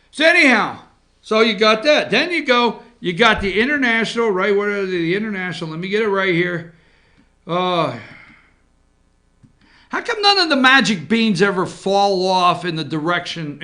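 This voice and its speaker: A man's voice: high-pitched, pushed and bright. A man hosting a casual political commentary show, rambling and sarcastic as he gets fired up. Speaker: host.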